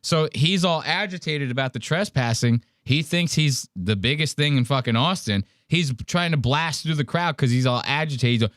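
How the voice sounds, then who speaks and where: A man's voice: fairly high pitch, lively intonation, a little fast, a bit bright, no room sound, clean studio sound. Mocking profane podcast host man. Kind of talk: casual chat reacting to a video.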